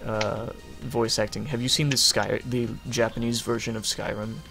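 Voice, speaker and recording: A young man co-hosts a game livestream, chatting casually over game music and rambling with lots of fillers and the occasional swear. His mid-range voice has vocal fry and a sharp edge, holding a steady tone at normal speed.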